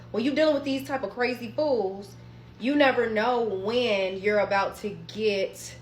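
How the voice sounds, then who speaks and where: A woman telling a personal story in a casual, animated way, swearing often and talking straight to her viewers. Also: mid-range voice, echoey room, slight background noise.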